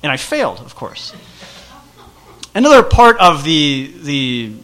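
A man casually telling a rambling, self-deprecating personal story with animated energy. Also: a little high, slow.

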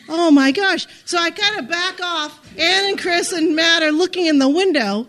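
A woman telling a personal story in an animated, self-deprecating way, often restarting her sentences. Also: very high voice, moderate pace, hardly any pauses.

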